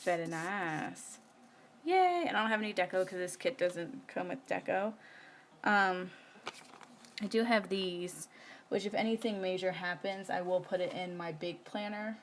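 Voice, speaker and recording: A woman's voice: lowish voice, fairly even intonation, normal speed, a bit bright, slight background noise. A woman, chatting casually while she works on her planner during a live stream, rambling with many fillers. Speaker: planner vlogger. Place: home.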